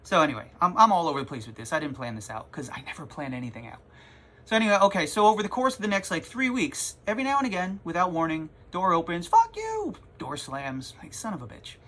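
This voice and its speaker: Man, comic shop owner, casual vlog storytelling, rambling and animated, bright forceful voice. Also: fairly high pitch, quick pace. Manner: rambling, animated, self-interrupting.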